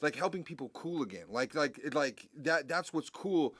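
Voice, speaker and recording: A man's voice: fairly high pitch, animated, normal speed, fairly bright tone, no echo. A man talking as a guest musician in a casual interview, rambling and heartfelt, with many restarts and swearing.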